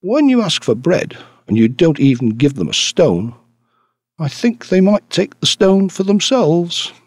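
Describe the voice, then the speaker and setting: Man doing a gruff, impatient radical. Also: on the high side, big pitch swings, measured pace, a little mellow, no room sound, pitched above the performer's own voice, heavily acted. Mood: sardonic. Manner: growling, lecturing.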